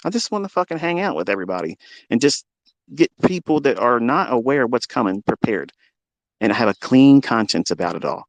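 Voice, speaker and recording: A man's voice: medium pitch, big pitch swings, a little fast, no echo. A trading educator, a man, giving a profane, boastful, combative rant to his livestream viewers.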